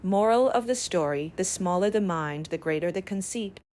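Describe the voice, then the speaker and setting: A woman narrating bedtime fables in a calm, measured way. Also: lowish voice, over loud music. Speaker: storyteller.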